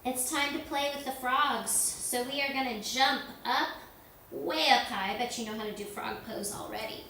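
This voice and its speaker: A woman leading a yoga lesson for children, giving slow, gentle, sing-song instructions. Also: high-pitched, a little hiss or hum. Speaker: kids yoga teacher. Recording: echoey room, voice from far off.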